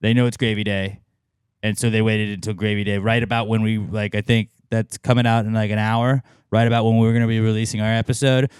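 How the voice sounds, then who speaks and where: A man in his thirties co-hosting a podcast, his lowish voice smooth and resonant. He rants and swears in a casual, sarcastic way. The sound is dry and close, with no room around it. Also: steady tone, brisk, dry recording. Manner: profane, ranting, sarcastic. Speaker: podcast co-host. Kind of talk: casual chat.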